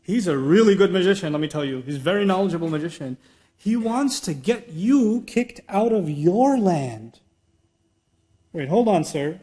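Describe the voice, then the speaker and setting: A male teacher gives an animated religious lecture. He keeps asking rhetorical questions and acts out little exchanges. His voice sits notably high for a man. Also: normal speed. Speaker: Islamic teacher. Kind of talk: lecture sermon.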